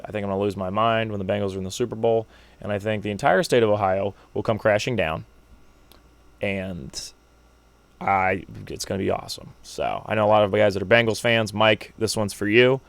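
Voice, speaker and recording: A man's voice: lowish voice, fairly even intonation, fairly quick, creaky, dry recording. Brash young man hosting a sports podcast. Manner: brash, joking, hyped-up fan rants. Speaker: podcast host. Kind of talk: solo sports prediction podcast.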